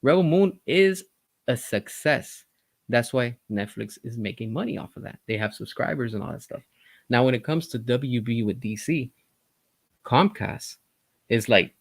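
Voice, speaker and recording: A man giving casual, opinionated commentary, speaking directly to his viewers with animated emphasis. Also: mid-range voice, moderate pace, no room sound. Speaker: entertainment news commentator.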